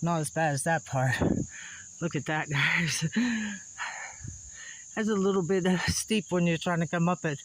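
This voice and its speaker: A man's voice: a little high, measured pace, long pauses, fairly bright tone, slight background noise, poor audio. A man, out of breath as he climbs a wooded hillside, chatting folksily to his camera and laughing between gasps. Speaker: vlogger exploring old sites. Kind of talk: casual on-camera narration while hiking. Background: insects and crickets.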